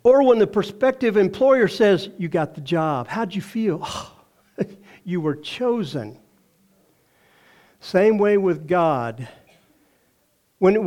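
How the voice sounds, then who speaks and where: An older Texan pastor with a high, darkish voice preaches a sermon. He tells folksy stories, acts out the voices he quotes, and laughs often.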